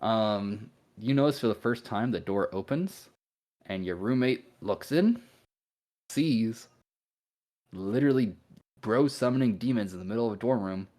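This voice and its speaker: A man narrating a tabletop game as game master in an unhurried, easygoing way with fillers. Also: lowish voice, mellow.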